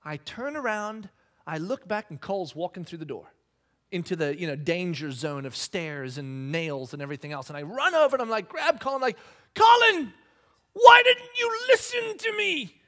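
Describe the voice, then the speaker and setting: A man in his thirties preaching a sermon, telling stories in a lively, conversational way and acting out the dialogue. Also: fairly high pitch, brisk. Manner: animated storytelling, acting out quoted dialogue; conversational with many restarts. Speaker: pastor.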